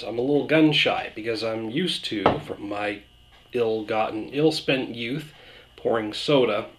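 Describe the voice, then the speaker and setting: Gravelly man casually reviewing beer. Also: on the low side. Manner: relaxed, rambling, self-deprecating. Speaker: beer reviewer, channel host.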